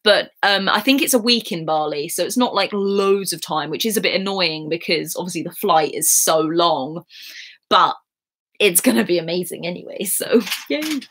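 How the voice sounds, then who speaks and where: Answering viewers' questions from bed at home, a young English YouTuber chats casually on her live stream and laughs easily as she reads them out. Her lowish voice is fairly bright and runs at a normal speed.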